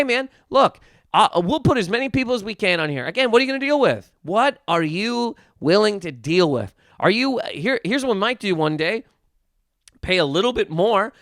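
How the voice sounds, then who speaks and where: A man with a high, bright, forceful voice rants through a podcast monologue, swearing freely and tripping over his own restarts. He sounds close to the microphone in a dry, dead room. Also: dry recording. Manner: heated, profane, ranting with many restarts. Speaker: podcast host. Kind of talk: profane comedic rant.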